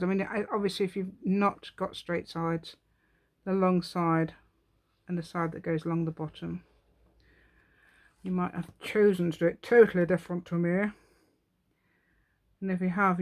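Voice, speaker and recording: Chatty woman with a lowish voice. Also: darkish tone. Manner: rambling, talks to herself, laughs often. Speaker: craft channel host. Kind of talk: chatty crafting tutorial.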